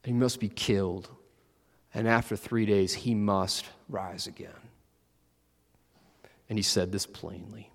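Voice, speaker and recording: A man's voice: on the low side, steady tone, measured pace, creaky, pauses often, in a large hall. A man preaching a conversational sermon, acting out the disciples with playful asides.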